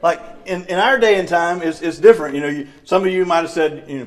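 A man's voice: fairly high pitch, fast. A middle-aged man with a Southern US accent preaching a church sermon, telling stories from his childhood and acting out the people in them. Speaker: lay preacher. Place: church sanctuary.

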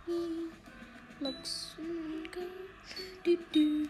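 A high-voiced woman chatters through a game, excitable and quick, tossing out jokes and complaints. Loud game music runs under her voice the whole time. It is casual commentary for a gaming video. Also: poor audio. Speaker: gamer, video host.

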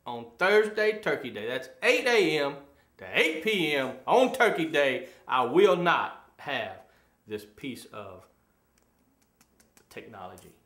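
A man co-hosting a casual talk show, with a fairly high, bright voice that swings up and down a lot. He talks in bursts, tripping over restarts. The room adds a clear echo. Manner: animated, halting with restarts. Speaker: co-host. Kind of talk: casual chat. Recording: echoey room.

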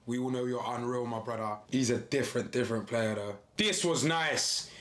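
A young man giving casual, excitable reaction commentary full of slang. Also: mid-range voice, moderate pace, reverberant. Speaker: YouTuber reacting to match footage.

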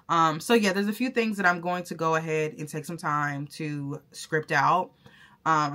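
Speaking to camera, this woman has a low-pitched, slightly bright voice. The content creator gushes emotionally to her viewers in a casual, chatty vlog, stumbling through fillers and starting sentences over.

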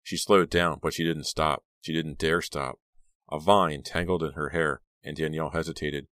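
A man narrating a horror audiobook in a steady, measured way. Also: very deep voice, dry recording, clean studio sound.

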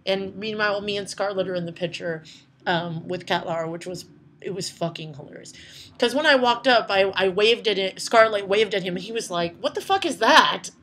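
A woman chatting casually to her vlog audience, swearing a lot as she tells animated stories. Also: medium pitch, a little fast, slight background noise. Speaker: vlogger. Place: indoors at night.

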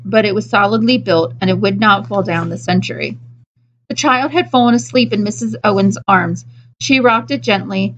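A woman, a children's librarian, reading a storybook aloud in a gentle, even storytelling manner. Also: mid-range voice, highs cut off. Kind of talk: storybook read-aloud narration.

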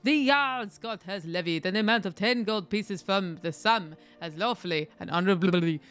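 A woman voicing a formal court herald, reading a decree slowly and solemnly in a vague put-on foreign accent. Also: mid-range voice, fairly bright tone, close to an everyday voice.

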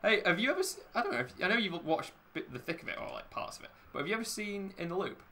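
A man's voice: high voice, very animated, rapid-fire, bright, forceful tone, a little hiss or hum. A man playing a racing game, rambling, laughing often and swearing a lot. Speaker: gamer commentating his play. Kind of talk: casual gaming chat.

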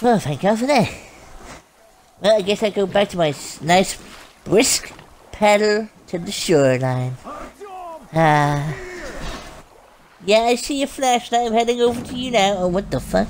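A woman giving brash, profane comedic commentary while playing a game, yelling insults at enemies. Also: mid-range voice, expressive, takes it slowly, pauses often, noisy background. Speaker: gameplay commentator. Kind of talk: comedic let's-play commentary. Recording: game sounds loud behind the voice.

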